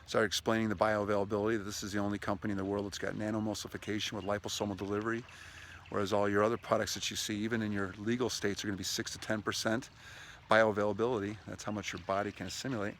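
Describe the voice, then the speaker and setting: A man with a slightly low, gravelly voice talks eagerly to his camera outdoors beside a lake. He rambles through stories in a casual, upbeat way. Faint outdoor ambience sits under his voice. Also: little pitch movement, very fast, a bit bright, slight background noise. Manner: chatty, enthusiastic, talks to his dog mid-video. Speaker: vlogger giving sales tips. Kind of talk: casual outdoor vlog monologue. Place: outdoors by a lakeshore with lapping waves.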